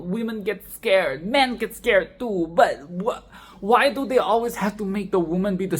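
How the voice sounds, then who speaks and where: A young woman hosting a casual film rant, laughing often, exasperated and swearing, with sudden animated outbursts. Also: medium pitch. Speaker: film commentary channel host.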